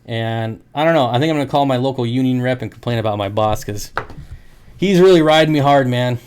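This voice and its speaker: A man's voice: mid-range voice, fairly quick, darkish tone, a little hiss or hum. A man who sells aquarium fish, chatting casually on his livestream, joking and laughing often. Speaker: aquarium fish seller and streamer.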